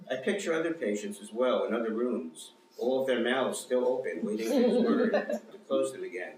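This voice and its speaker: A man's voice: medium pitch, very animated, moderate pace, few pauses, darkish tone, far from the mic. A man giving a live reading of his own fiction to an audience, in a dry, wry storytelling manner. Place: small performance venue with audience. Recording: echoey room, mic from afar, faint noise.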